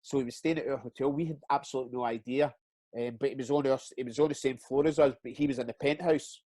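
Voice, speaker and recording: A man's voice: medium pitch, fast talker, no echo. A middle-aged Scottish man, a retired footballer, telling stories in a casual interview, swearing freely and acting out what people said. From Scotland. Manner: animated, swears freely, acts out quotes.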